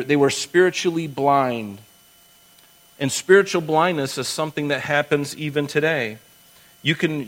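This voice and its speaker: A man preaching a sermon and reading scripture aloud, conversational and emphatic, dropping low and quiet to stress a point. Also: poor audio. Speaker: pastor.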